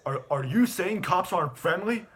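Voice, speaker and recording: A man playing a loud, gung-ho police officer, voice raised a bit above his own and full of heroic excitement. He barks out lines like a cop in a cheap comedy skit. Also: on the high side, fairly quick, a little hiss or hum, voice pushed up. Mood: eager loud.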